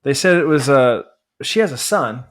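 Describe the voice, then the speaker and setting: Male podcast co-host, casual chat, animated rambling storyteller, mid-range voice. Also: medium pitch, moderate pace. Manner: married family man.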